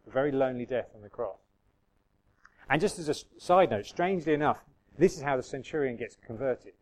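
A man's voice: medium pitch, lively intonation, fairly quick, poor audio. Conversational man preaching. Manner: conversational, musing with restarts and audience asides. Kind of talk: sermon.

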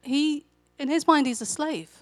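A woman preaching a sermon in a conversational storytelling manner, growing animated when she acts out quotes. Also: high-pitched, measured pace, no echo, faint music behind.

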